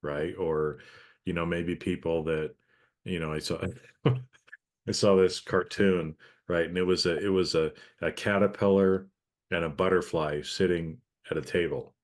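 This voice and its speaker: A podcast host with a low voice, talking things through in an earnest, reflective way. He keeps checking in with his co-host as he goes, in relaxed conversation. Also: a little slow. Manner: earnest, reflective, frequent "right?" tags. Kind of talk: casual conversation.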